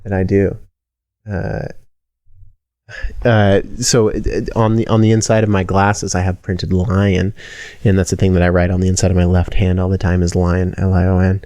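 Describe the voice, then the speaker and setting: A man with a low, mellow voice hosts a casual podcast chat. He rambles, swears and stumbles over restarts, sometimes acting out motivational pep talks. The sound is dry and close. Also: monotone, normal speed, no room sound. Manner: rambling, profane, restarts a lot, acts out pep-talk voices. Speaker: podcast host.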